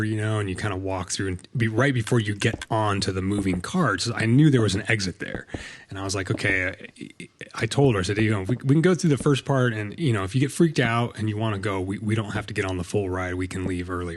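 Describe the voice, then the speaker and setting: A man's voice: lowish voice, fast, a little hiss or hum. A middle-aged man telling a long personal story in a casual, rambling way while playing a game, with many fillers and restarts. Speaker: Minecraft let's play host.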